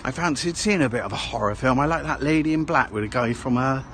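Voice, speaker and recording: A man's voice: medium pitch, fast talker, a bit bright, slight background noise. Bloke rambling on his town walk vlog, lots of "eh?" at the end. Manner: rambling chatter with tag questions. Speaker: vlogger. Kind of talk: casual walking vlog. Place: outdoors in a small town.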